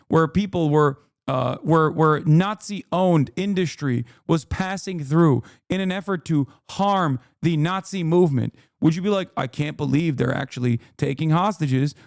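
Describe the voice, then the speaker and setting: A streamer reacting to a video launches into an angry livestream rant, swearing and mocking sarcastically. His slightly high voice has gone hoarse, and he is losing it from talking so much. The sound is dry and close to the mic, with no room sound.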